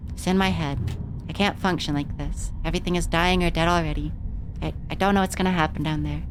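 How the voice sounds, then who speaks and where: Casual, low-voiced woman streamer. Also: steady tone, fairly quick, background noise. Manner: casual, swearing freely. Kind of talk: reading game dialogue aloud on a livestream.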